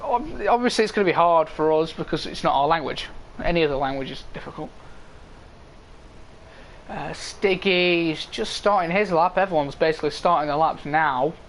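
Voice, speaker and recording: At a moderate pace, this man's fairly high, slightly bright voice carries live commentary on an online racing league. He goes through standings casually and talks with viewers while a faint hiss or hum lingers.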